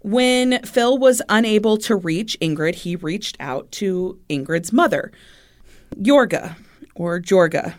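A woman's voice: medium pitch, unhurried, hardly any pauses. A woman co-hosting a podcast, telling a true-crime story in a chatty way, with easy laughs and loose fillers. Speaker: podcast co-host.

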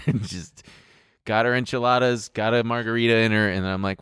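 Low-ish voiced guy cracking jokes n telling a date story, dry close sound. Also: brisk, clean tone, no room sound. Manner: joking interjections and animated storytelling with impressions. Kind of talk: casual podcast chat.

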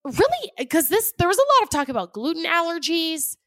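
A woman co-hosting a podcast in casual chat, animated and laughing often as she acts out her kids. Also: extremely high pitch, brisk, no echo. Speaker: podcast co-host.

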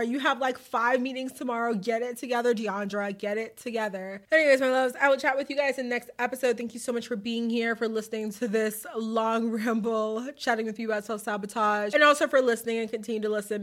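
A young woman hosting a casual solo podcast, chatty and playful with lots of slang. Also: on the high side. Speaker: podcast host.

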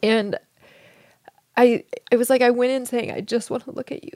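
A middle-aged woman telling a personal story in a soft, halting way, often dropping to a whisper. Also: on the high side, fairly even intonation, dry recording, studio quality. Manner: soft, halting, with many restarts and whispered moments. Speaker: guest.

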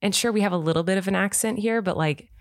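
A woman's voice: mid-range voice, quick pace, no room sound, clean studio sound. A woman from California, co-hosting a podcast in casual, giggly chat. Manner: chatty, giggly storyteller. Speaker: podcast co-host.

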